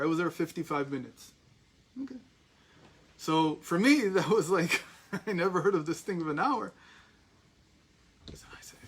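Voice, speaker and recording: A man's voice: fairly high pitch, animated, moderate pace, pauses often, a bit bright, husky, rough recording. An American man in his forties teaching a class, telling a personal story in a chatty way with many restarts and asides. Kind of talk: storytelling lecture.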